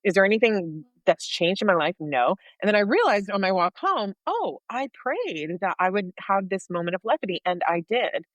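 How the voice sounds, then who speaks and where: An American woman co-hosting a podcast, telling a personal story in a lively way and acting out the voices of people in it. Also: mid-range voice, normal speed, few pauses, no echo. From United States. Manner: animated storyteller, acts out dialogue. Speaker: podcast co-host sharing her faith story.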